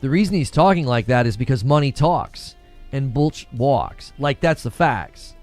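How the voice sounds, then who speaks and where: A man's voice: a little high, huge pitch swings, moderate pace, darkish tone, no echo, faint music behind. Heated man ranting on stream. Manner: heated, emphatic, repeats phrases. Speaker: gaming channel host. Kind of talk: live-stream commentary.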